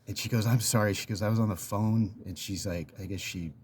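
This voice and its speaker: A man with a very low voice tells a personal story in a loose, rambling vlog monologue. He talks casually, with plenty of fillers and soft laughs, over a faint hum of background noise. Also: steady tone, brisk. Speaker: vlogger telling a story.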